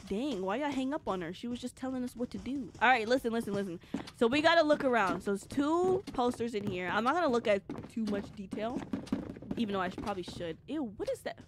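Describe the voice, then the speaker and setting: A woman's voice: on the high side, animated, quick pace, background noise. A young woman streaming a game live, rambling and joking casually with her chat, with lots of filler words. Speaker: gaming streamer.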